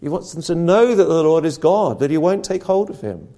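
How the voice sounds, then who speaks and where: A man's voice: a little high, animated, a little fast, mellow. A male preacher giving a conversational sermon that retells a story and asks earnest rhetorical questions.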